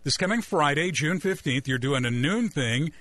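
A man's voice: on the high side, expressive, normal speed, fairly bright tone, dry recording. A male radio host leading a live interview and reading announcements in an upbeat, friendly way. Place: radio studio. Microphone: studio mic.

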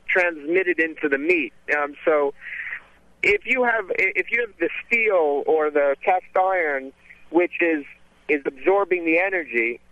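A man's voice: fairly high pitch, no echo. A male chef and cookbook author, chatting casually in a radio interview and rambling with many restarts. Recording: tinny phone line.

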